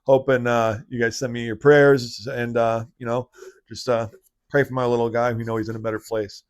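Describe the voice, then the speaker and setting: A man hosting a commentary vlog in a voice of middling pitch. He rants with energy, piles on fillers and restarts, and rushes through his sign-off. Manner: animated ranting, heavy fillers. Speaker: channel host.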